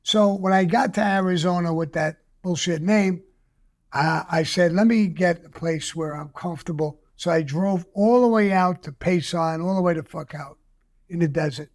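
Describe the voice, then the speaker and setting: An older man telling stories in a blunt, profane, animated way. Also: high voice, moderate pace. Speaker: guest. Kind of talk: casual storytelling.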